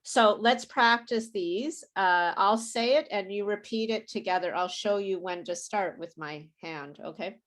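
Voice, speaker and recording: A woman's voice: fairly low pitch, normal speed, hardly any pauses. A woman teaching an English pronunciation lesson, speaking patiently and repeating words for her students to copy, with a light laugh now and then. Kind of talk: live online pronunciation lesson.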